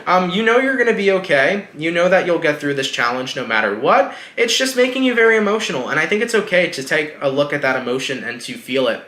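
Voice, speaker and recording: Guy doing a chill tarot reading, bright voice, kinda echoey room, super reassuring. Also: on the high side, big pitch swings, quick pace, few pauses. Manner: reassuring, speaks straight to the viewer. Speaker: tarot reader.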